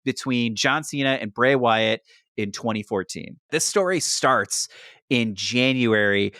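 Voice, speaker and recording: A man's voice: medium pitch, measured pace, no room sound, studio quality. Man animatedly retelling a wrestling feud. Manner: animated storytelling with quoted voices. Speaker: podcast co-host. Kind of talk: casual podcast chat.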